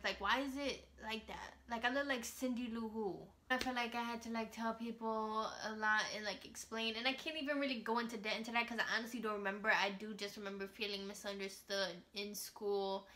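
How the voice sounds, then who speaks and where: Bright, outspoken young-sounding woman vlogger. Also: a little high, steady tone, a little fast. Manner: outspoken, emphatic, slangy. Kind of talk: casual vlog chat.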